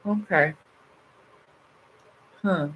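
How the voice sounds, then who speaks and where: A woman with a lowish, husky voice talks extremely slowly while hosting a casual livestream and reading viewer comments. Her loose chatter is packed with fillers and free swearing. The sound is lo-fi.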